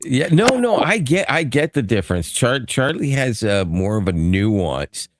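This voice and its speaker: Guy cohosting a podcast, lively up-and-down voice, gets all excited, dry close sound. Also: medium pitch, unhurried, no room sound. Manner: excitable, laughs often, repeats words. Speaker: podcast co-host. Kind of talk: casual chat.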